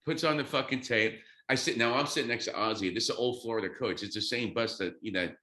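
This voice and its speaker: Excitable man in his fifties, echoey room. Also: medium pitch, fast talker. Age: 50s. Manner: excitable, swears freely, acts out quotes. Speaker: guest drummer. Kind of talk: animated storytelling.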